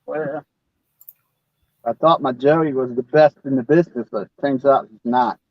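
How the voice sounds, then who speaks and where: A man's voice: mid-range voice, fairly even intonation, moderate pace, no echo. A man chatting casually while fishing from a boat, teasing and laid-back. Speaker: angler on a fishing stream. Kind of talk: casual chat. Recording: dull lo-fi stream audio.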